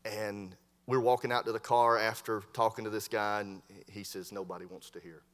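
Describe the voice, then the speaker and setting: Preacher in a reverberant church. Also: male voice, lowish voice, moderate pace. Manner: storytelling preacher, animated voices in quoted dialogue. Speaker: Baptist preacher. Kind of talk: sermon. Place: church hall. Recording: long hall reverb from a church sanctuary.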